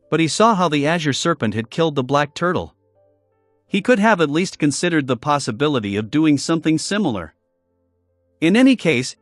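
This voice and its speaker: A man reads a fantasy novel as steady, scripted narration. His voice sits a bit high and moves with a lot of rise and fall. The recording is dry and close, with faint music behind it. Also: no room sound. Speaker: audiobook narrator.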